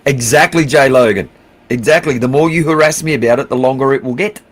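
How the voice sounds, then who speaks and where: A man's voice: mid-range voice, normal speed, husky. Blunt Australian man chatting with viewers. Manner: blunt, swears freely, calls everyone mate. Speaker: livestream host. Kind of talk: casual chat reading out viewer comments.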